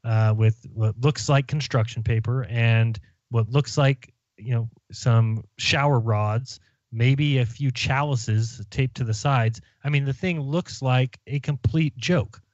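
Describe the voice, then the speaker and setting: Male podcast host, relaxed and musing; mid pitch, dry muffled recording. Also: takes it slowly, no echo. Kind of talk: casual chat.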